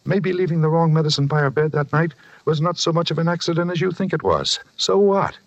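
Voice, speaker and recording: A man's voice: fairly high pitch, lively intonation, brisk, no room sound. An actor playing a boastful, self-justifying former railroad brakeman who is a psychiatrist's patient, in a 1940s radio drama. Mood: defiant. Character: shifty middle-aged man, a former railroad brakeman. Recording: dull old radio recording.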